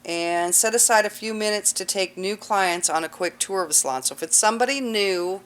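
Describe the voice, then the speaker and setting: A woman's voice: mid-range voice, a little fast, fairly bright tone. A woman teaching a cosmetology class in a casual, chatty lecture with lots of fillers. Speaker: cosmetology instructor.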